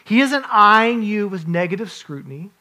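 A man's voice: high voice, animated, moderate pace, pushed and bright. Man preaching an earnest conversational sermon. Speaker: pastor.

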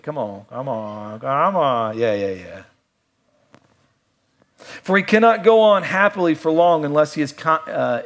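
A middle-aged man preaching a sermon in a conversational way, with playful asides and quiet, reflective stretches. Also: fairly high pitch. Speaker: pastor.

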